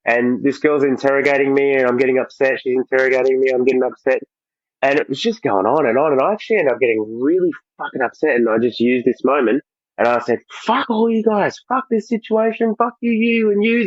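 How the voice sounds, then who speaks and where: A man, an actor-director telling animated stories with plenty of swearing in a casual roundtable chat. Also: medium pitch, no echo, dull audio. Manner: animated storyteller, swears freely.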